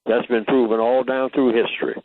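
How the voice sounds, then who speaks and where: A man's voice: medium pitch, flat delivery, brisk, no echo. A man talking as a radio interview guest, emphatic and teacherly, asking rhetorical questions as he explains his points. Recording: tinny phone-line radio audio, dry.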